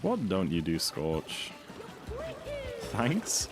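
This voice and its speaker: A man's voice: low voice, huge pitch swings, extremely slow. A man streaming a game, chatting casually and rambling while he reads and answers his chat. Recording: game music playing behind.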